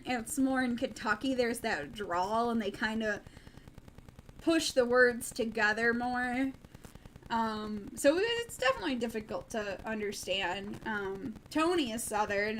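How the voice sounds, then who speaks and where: A young woman from the Midwest hosts a late-night news livestream in a loose, rambling way, full of ums and restarts. Her voice sits a little high. A faint background hiss runs under her talk. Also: fairly bright tone, poor audio. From American Midwest.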